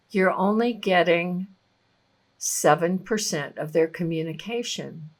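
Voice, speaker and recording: An older woman giving a thoughtful teaching talk on listening, speaking with gentle emphasis. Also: on the low side. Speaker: relationship teacher.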